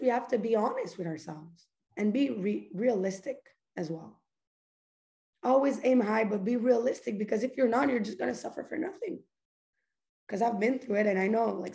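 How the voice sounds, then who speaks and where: A woman's voice: on the high side, a little mellow, roomy sound. A woman hosting a live motivational call, talking energetically and directly, firing off rhetorical questions and breaking into laughter. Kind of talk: motivational talk to a live audience.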